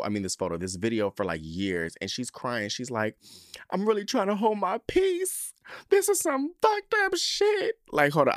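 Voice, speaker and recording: Campy, animated man telling a story. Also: mid-range voice, no echo, studio quality. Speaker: podcast host. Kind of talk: casual chat.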